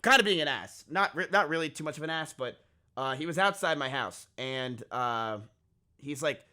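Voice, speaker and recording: A man's voice: fairly high pitch, measured pace, long pauses. A young man streaming, telling a story in casual chat, swearing freely and acting out what people said. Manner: animated, swears freely, acts out quotes.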